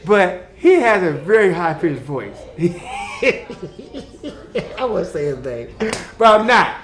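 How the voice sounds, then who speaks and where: A man co-hosting a casual podcast, talking in an animated way, laughing often and slipping into playful voices. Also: high voice, slow, a crowd in the background. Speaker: podcast co-host, communications consultant. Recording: echoey room.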